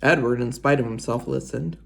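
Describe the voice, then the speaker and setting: A woman reading a children's chapter book aloud in an expressive storytelling voice. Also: very deep voice, fairly quick, gravelly. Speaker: reader.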